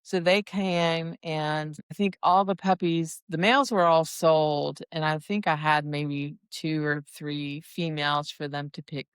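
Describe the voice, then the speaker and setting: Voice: mid-range voice, steady tone, unhurried, few pauses, fairly bright tone, smooth, no room sound. A dog breeder telling stories in a casual, rambling chat full of asides. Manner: chatty and rambling, with many restarts and asides.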